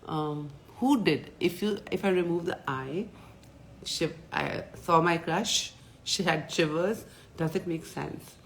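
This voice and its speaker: A woman with a low, gravelly voice, coaching a live morning session. She is playful, greets viewers one by one and muses aloud. Faint hum behind her. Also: slow pace. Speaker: life coach and facilitator.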